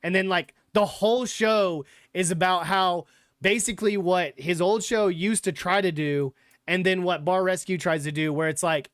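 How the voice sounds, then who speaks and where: A young man hosts his sports podcast livestream in a casual, rambling way, with sarcastic asides and the odd curse. His voice sits a touch high for a man and sounds smooth and clear. The sound is dry and close, with no room echo. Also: moderate pace, fairly bright tone. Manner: loose, rambling and sarcastic, with profanity. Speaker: podcast host.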